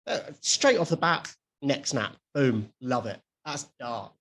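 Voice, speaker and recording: A young man co-hosting a podcast in casual chat, chatty and quick to laugh, swearing now and then. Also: medium pitch, sing-song, fairly bright tone. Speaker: podcast co-host.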